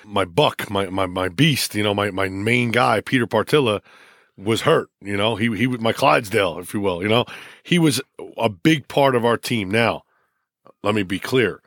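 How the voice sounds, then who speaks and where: A middle-aged man, a high school football coach, telling stories emotionally in a casual interview, with many restarts and repeats. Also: normal speed, a bit bright, no echo, studio quality.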